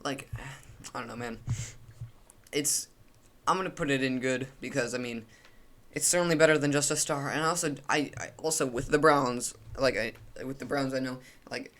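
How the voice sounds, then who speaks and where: A man's voice: mid-range voice, moderate pace, fairly bright tone. Rambling, opinionated young man. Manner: rambling, opinionated, many restarts and fillers. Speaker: YouTuber ranking logos. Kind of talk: casual commentary.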